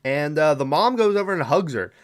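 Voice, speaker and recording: A man's voice: on the high side, lively intonation, a little fast. Rambling, profane man recapping a film. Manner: rambling, profane retelling with fillers. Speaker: podcast host. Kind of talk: casual movie recap.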